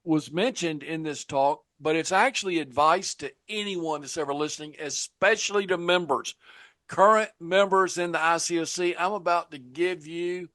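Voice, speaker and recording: A man's voice: a little high, normal speed, no room sound. A man hosting a casual conversation, telling stories with animation and speaking straight to his listeners. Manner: animated storyteller, direct address to listeners.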